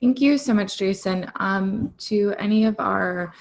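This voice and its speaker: A woman with a gravelly, fry-laden voice moderates a webinar over a video call. She speaks in short lines and directs participants to the comments. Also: mid-range voice, unhurried, low-quality recording. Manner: brief, thanking and directing participants. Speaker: event moderator.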